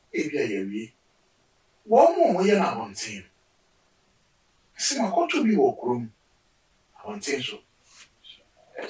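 A man hosting a talk show, asking guests long questions in a lively way. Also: on the high side. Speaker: host. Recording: roomy, distant mic.

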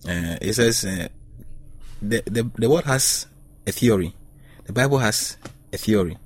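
Man, panel host, husky, lowish voice, asks and prompts. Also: expressive, a little slow. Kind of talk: radio panel discussion on Bible study.

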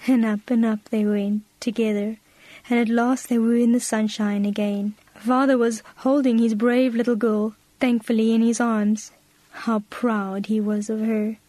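Woman storyteller, children's story reading, gentle, expressive, mellow, dry studio sound. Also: fairly high pitch, measured pace, dry recording, poor audio. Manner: gentle, expressive, drops to a whisper for suspense.

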